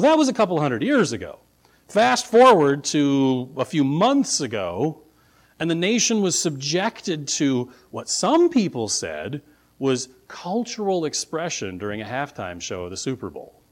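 A man preaching a sermon, telling a story with acted-out voices and building to forceful declarations. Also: a little high, a little slow. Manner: animated storytelling, acts out quoted voices. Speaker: pastor.

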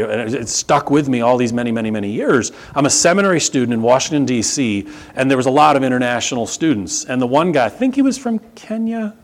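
Animated American preacher, man. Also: mid-range voice. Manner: conversational, animated, acts out dialogue. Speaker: pastor. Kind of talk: sermon. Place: church sanctuary.

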